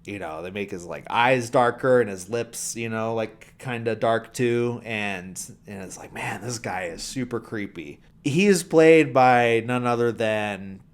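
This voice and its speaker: This podcast host has a mid-range voice and talks in an unhurried way with few pauses while loosely recounting a film scene. The casual recap is full of "like" and "you know," peppered with dry humour.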